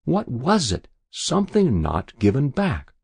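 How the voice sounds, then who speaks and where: A man reading aloud, voicing a sharp-tongued, stubborn old woman on her deathbed. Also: mid-range voice, huge pitch swings, measured pace, creaky, breathy edge, dry recording, pitched above the performer's own voice, heavily acted. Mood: pleading. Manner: querulous, scolding. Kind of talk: audiobook reading.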